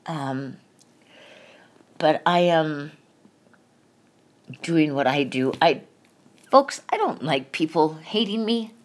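Taking it slowly and pausing often, a middle-aged woman hosting a podcast speaks in a low-pitched voice with lively intonation. Her confessional monologue covers a painful family story, told candidly and emotionally with free swearing.

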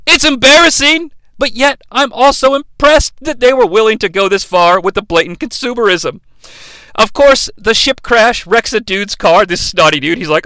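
A man hosting a comedic movie recap, sarcastic and animated, breaking into goofy impressions. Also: high-pitched, moderate pace, dry recording, poor audio. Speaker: movie review host.

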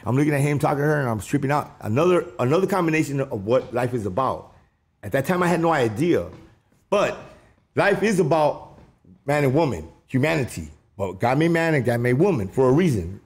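A man's voice: medium pitch, animated, brisk. A man telling stories from his youth in casual street slang, often ending lines with a tag question. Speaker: interviewee. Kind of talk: casual storytelling.

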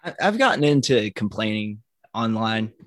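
A man's voice: fairly low pitch, very animated, moderate pace, no room sound. A man co-hosting a casual podcast, chiming in with wry quips and his own stories. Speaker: podcast co-host. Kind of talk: casual chat.

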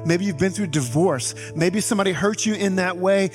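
Pastor guy preaching, kinda high voice, chatty and animated, big echoey church with soft music under. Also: fairly quick. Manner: animated, conversational preaching with audience asides. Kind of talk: sermon. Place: church sanctuary. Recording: reverberant hall with faint music.

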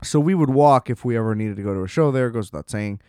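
A man's voice: medium pitch, expressive, fast, darkish tone, clear, resonant tone, dry recording, studio quality. A man casually telling a rambling, self-deprecating story, often laughing at himself.

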